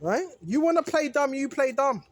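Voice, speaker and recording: Preaching casually to viewers, a religious video maker speaks in a high voice with lively intonation at a moderate pace, with no room sound. Expect repeated phrases for emphasis, restarted and self-corrected sentences, and plenty of "right?"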